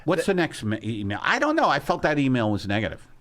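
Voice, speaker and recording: A man hosting a comedy podcast, ranting, swinging from low growling threats to loud indignant outbursts. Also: huge pitch swings, quick pace. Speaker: podcast host.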